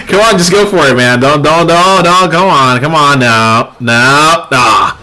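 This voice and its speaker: A man's voice: fairly high pitch, measured pace, sharp tone. A young man hosting a gaming livestream, chatting casually with viewers, laughing often and trailing off and restarting his sentences. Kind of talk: casual live gameplay commentary.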